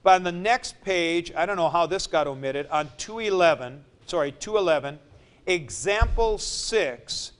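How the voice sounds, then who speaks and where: Slow, clear-voiced male lecturer. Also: on the high side, lively intonation. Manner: explanatory, spells out forms slowly with fillers. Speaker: teacher. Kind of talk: classroom lecture. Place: classroom.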